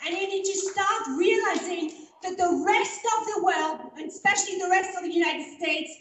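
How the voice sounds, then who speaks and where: A woman's voice: very high-pitched, moderate pace, fairly bright tone, slight background noise. A woman from Oregon making a firm, pointed public comment at a community meeting, with some hesitant fillers. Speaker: local resident at a community meeting. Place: large community meeting hall. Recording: echoey hall recorded from far off.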